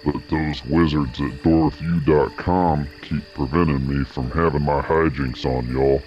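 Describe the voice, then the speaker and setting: A man voicing a mischievous Bigfoot for a comedy ad, his voice lowered with echo and distortion. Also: fairly even intonation, unhurried, lo-fi sound, slight background noise. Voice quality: deep, distorted, echoey. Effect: pitched down with echo and distortion.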